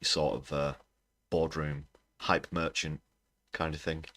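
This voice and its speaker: A man's voice: extremely low pitch, level tone, slow pace, sharp tone. Man hosting a reaction stream. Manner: wry, dry conversational commentary. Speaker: livestream host. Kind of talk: news reaction livestream.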